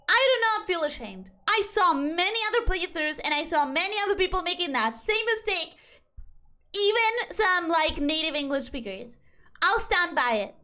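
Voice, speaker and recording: A young woman with a very high, bright voice, chatting through a game stream in English that is not her first language. She talks unhurriedly and rambles, and her pitch swings widely with lively energy. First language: Spanish. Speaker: VTuber streamer. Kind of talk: casual game-stream chat.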